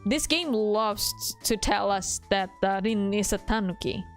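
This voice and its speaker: A woman's voice: medium pitch, a little slow, faint music behind. A woman streaming a visual novel, chatting casually, swearing freely, laughing often and nerding out about languages. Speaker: game streamer. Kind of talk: casual live gaming commentary.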